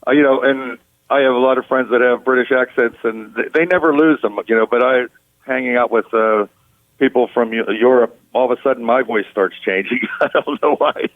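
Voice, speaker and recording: A man's voice: mid-range voice, brisk, no echo. A man who tours as a rock guitarist, talking casually with lots of fillers in an interview, and rambling as he goes. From Pittsburgh, United States. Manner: rambling, relaxed, many fillers. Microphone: phone. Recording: tinny dry phone line.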